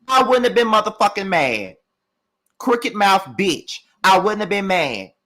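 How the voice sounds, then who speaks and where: A man with a high, pushed, bright voice is very animated yet unhurried as he hosts a reality TV review. His heated rant is packed with profanity and aimed straight at his viewers.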